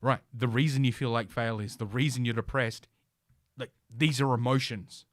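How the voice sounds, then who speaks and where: Speaking into a podcast mic, a man hosting his show reads an article aloud and tears into it with sarcastic, scornful rants full of swearing. He has a mid-range voice, a steady tone and a moderate pace, in studio-quality audio with no room sound.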